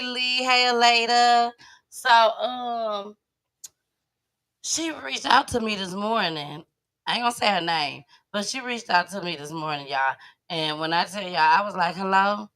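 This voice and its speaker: A woman's voice: mid-range voice, a little slow, pushed and bright. A woman hosting a live online show, chatting casually and telling a story to her viewers. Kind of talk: casual livestream chat.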